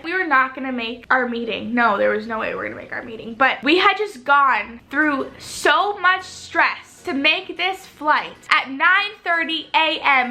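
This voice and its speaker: A woman's voice: sits high, creaky, pushed and bright. A young woman telling a story-time vlog, chatty and dramatic, with lots of "like"s. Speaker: vlogger.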